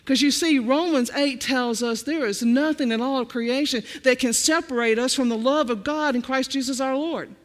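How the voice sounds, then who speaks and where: A man's voice: very high-pitched, moderate pace, few pauses, a bit bright, long reverb tail. A man preaching a sermon, rhythmic and repetitive, calling out to the congregation.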